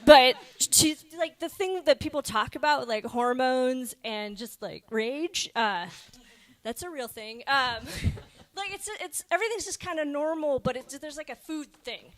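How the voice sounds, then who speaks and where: A woman performing a stand-up comedy set. She rambles in a wry way and fills her pauses with little filler words. Her voice sits a bit high. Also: animated, dry recording. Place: comedy stage with live audience.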